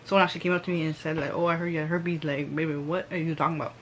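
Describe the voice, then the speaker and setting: Animated young woman vlogging. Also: low voice, racing, noisy background. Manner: animated, slangy, reenacts quotes. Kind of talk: storytime vlog.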